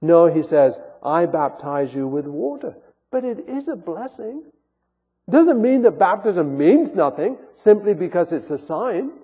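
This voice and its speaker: A man's voice: sits high, very animated, unhurried, slightly rough. A man, a pastor, delivering an earnest sermon with rising and falling emphasis, heard through a tinny, phone-like recording. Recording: phone-like sound with long hall reverb.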